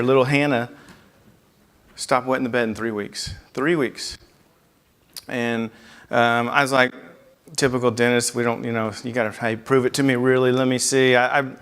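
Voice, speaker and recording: A man's voice: mid-range voice, a bit bright. A man in his forties, a dentist, telling a personal story to an audience in an earnest, emphatic way with many restarts. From United States.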